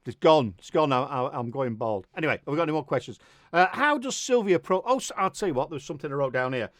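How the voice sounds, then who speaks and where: A man's voice: fairly high pitch, expressive, fast talker, fairly bright tone, no echo, clean studio sound. A middle-aged man from Manchester with a Mancunian accent, hosting a casual radio interview in a jokey, rambling way. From Manchester, England. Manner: chatty, jokey, rambling with restarts. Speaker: radio show host.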